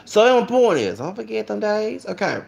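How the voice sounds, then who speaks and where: A man's voice: high voice, sing-song, moderate pace, gravelly, darkish tone. A man, rambling in a casual vlog monologue and often asking "okay?". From Texas. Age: late 30s.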